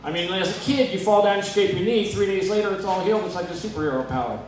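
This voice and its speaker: A man from Arizona doing a stand-up comedy set, telling deadpan stories with self-deprecating punchlines. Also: sits high, fast talker, a little hiss or hum. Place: comedy club stage. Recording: echoey club from a distant mic.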